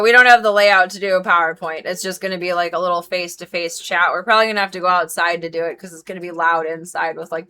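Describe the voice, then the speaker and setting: Bright-voiced woman venting on stream. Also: on the low side, slight background noise. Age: 30s. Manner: frank, emphatic, swears freely. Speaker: streamer and dog groomer. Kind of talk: casual live-stream chat.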